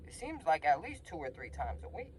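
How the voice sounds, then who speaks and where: A man telling a personal story in a casual storytime vlog, animated, using slang and acting out the voices. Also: on the high side, a little fast, a little hiss or hum, poor audio.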